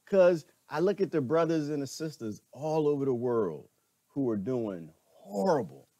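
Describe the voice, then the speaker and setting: A middle-aged man giving a preachy, animated monologue as a vlogger, laughing often and repeating himself. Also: fairly high pitch, a little slow, no room sound, studio quality. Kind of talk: ranting commentary monologue.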